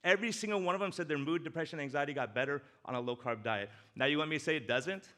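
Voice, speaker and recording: Bright-voiced man giving an animated talk. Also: a little high, fast. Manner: animated and joking, swings between loud excitement and soft emotion. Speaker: doctor speaking at a church men's breakfast. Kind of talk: casual talk with slides. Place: church hall.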